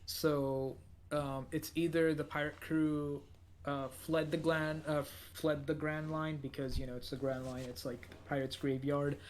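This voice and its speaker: A man's voice: fairly high pitch, level tone, unhurried, a little hiss or hum. A man with a slightly raised voice talks through a podcast recap in a loose, casual way. He rambles, restarts his sentences and leans on fillers as he goes. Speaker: podcast co-host.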